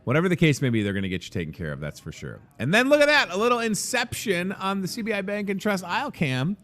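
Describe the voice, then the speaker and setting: A man's voice: sits high, big pitch swings, quick pace, fairly bright tone. A man hosting a casual live show from inside a grocery store, joking and rambling in an upbeat way. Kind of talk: casual live promo chat.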